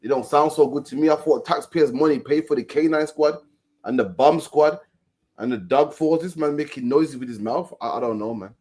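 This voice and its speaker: A man delivering a preachy religious monologue in an informal, mocking way. His voice sits a little higher than average, and he keeps tagging his points with "man". He repeats his lines for emphasis. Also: normal speed, a little mellow. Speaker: street preacher. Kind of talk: religious street commentary.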